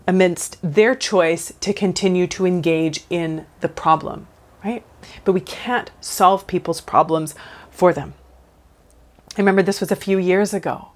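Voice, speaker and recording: A woman in her thirties, a counsellor giving casual advice straight to camera, animated and talking directly to her viewers. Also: fairly low pitch.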